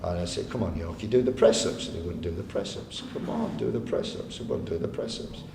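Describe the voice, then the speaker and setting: A man's voice: a little fast, creaky, a little mellow. A man telling chatty anecdotes to a live audience, often laughing and acting out the people he quotes. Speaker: guest speaker. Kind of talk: live on-stage storytelling. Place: arts venue hall, live audience. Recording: echoey hall with faint rumble.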